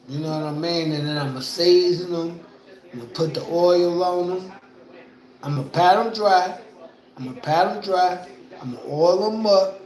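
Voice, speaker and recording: Slow-talking, high-voiced man livestreaming. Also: a little mellow, roomy sound, poor audio. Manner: rambling, repetitive, slangy. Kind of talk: casual livestream talk. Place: at home indoors.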